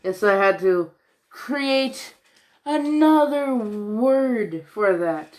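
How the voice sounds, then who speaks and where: Slow-talking tired woman rambling. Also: fairly high pitch, expressive, darkish tone. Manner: slow, rambling, slangy, swears often. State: tired late at night. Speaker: fan storyteller. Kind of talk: casual rambling fan retelling.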